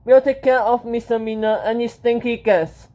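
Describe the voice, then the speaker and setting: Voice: medium pitch, steady tone, normal speed, mellow, lightly acted. A storybook reader voicing an eager old man who speaks up urgently, in a dull lo-fi recording.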